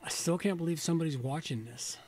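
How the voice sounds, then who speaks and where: Slightly tipsy, this man hosts a laid-back livestream, reading aloud from an old reference book. His voice is on the high side and darkish in tone, and he talks quickly. Between passages he drifts into muttered, rambling tangents.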